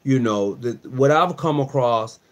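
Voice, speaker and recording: A man's voice: mid-range voice, measured pace. A man from Mississippi hosting a casual chat, chatty and encouraging, often answering with "mm-hmm". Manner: chatty, backs up the other speaker with frequent "mm-hmm".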